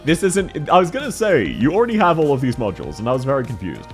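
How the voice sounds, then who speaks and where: A man streaming casually and reviewing viewers' game accounts, talking quickly and excitedly as he reacts to chat. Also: a little high, soft background music.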